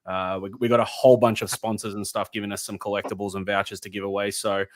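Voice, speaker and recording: A man's voice: lowish voice, level tone, fast talker, no echo. A man on a sports podcast, plainly promoting an event. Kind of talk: casual sports podcast chat.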